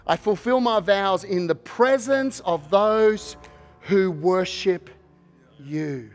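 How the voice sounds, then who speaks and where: A man preaching a sermon as pastor, measured and repeating words as he searches for phrasing, then building to a fervent call near the close. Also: high voice, soft background music.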